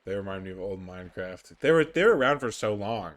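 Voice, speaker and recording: An animated, low-voiced man comments on his own gameplay as a YouTuber. Despite the liveliness, he's sleepy and yawning, rambling at an easy pace with plenty of fillers and false starts.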